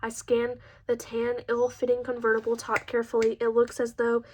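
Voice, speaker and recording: A woman reads a novel aloud in the first person, moving steadily through the narration with the odd stumble and restart. Her voice sits fairly high and stays flat and even. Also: moderate pace, a little hiss or hum, low-quality recording. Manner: steady reading with small slips and restarts. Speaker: audiobook reader.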